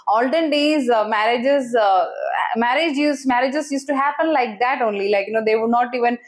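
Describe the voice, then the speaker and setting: Chatty woman, high voice. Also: normal speed. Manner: chatty, searching for words with many fillers. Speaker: reaction video co-host. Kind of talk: casual chat.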